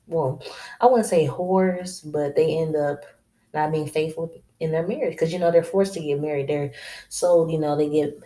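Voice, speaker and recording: A woman's voice: sits low, mellow. A woman hosting a casual solo podcast, giving blunt, straight-talking advice to women in a drawling, slangy way and laughing to herself. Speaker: podcast host.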